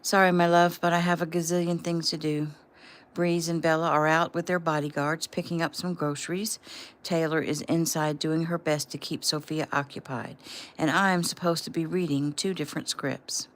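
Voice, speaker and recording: A woman's voice: low-pitched, level tone, normal speed, natural voice. A woman reading the part of a busy young wife who has too much to do. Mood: brisk.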